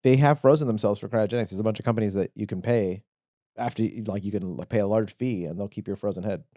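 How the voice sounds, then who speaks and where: A man's voice: fairly low pitch, fast talker, dark tone, no room sound, studio quality. A man co-hosting a comedy podcast, riffing in casual banter, self-mocking and slipping into silly voices. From Southern California.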